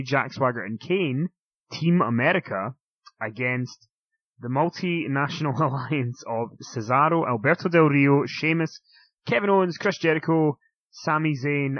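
A man co-hosting a casual chat, laughing often as he talks. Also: no room sound. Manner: laughs often, mimics others in shrill voices. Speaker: podcast co-host. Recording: slightly muffled audio.

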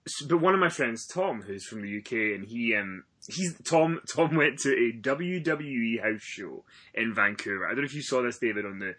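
A young man co-hosting a podcast, telling rambling profane stories in a husky voice. His pitch swings widely and his tone is bright and forceful. He bursts into loud rants now and then. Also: moderate pace, few pauses. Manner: profane, animated storytelling with sudden shouted outbursts. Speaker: podcast co-host. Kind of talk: casual podcast chat.

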